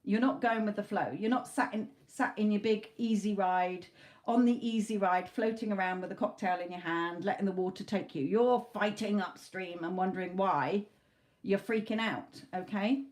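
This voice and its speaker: A woman reading tarot on a live stream, talking to viewers in a blunt, animated way and swearing casually. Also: medium pitch, moderate pace. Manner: animated, acts out clients' panicked voices.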